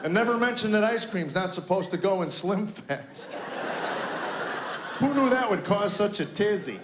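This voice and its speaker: High-voiced man telling wry jokes. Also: animated, moderate pace, echoey room, background noise. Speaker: stand-up comedian. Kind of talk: stand-up routine.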